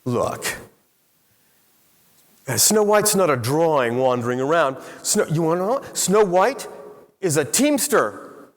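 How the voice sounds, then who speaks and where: A middle-aged man giving a motivational keynote speech to a live audience in a large hall, telling an animated story and quizzing the crowd. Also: a little high, slow, pauses often. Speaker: keynote speaker. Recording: long hall reverb.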